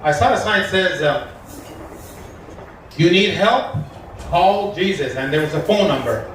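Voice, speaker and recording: A man with a high voice does live stand-up in a lounge. He tells stories deadpan and acts out both sides of each conversation. The sound is very echoey and picked up from some distance, with a faint room hum behind it. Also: a little slow. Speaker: stand-up comedian. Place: shisha lounge.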